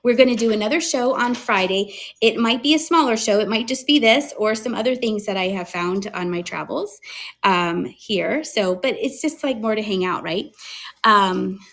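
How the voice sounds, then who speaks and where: A woman hosting a casual live-stream sale, chatting excitedly about her finds and laughing often. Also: mid-range voice, moderate pace. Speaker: live online seller showing thrift finds.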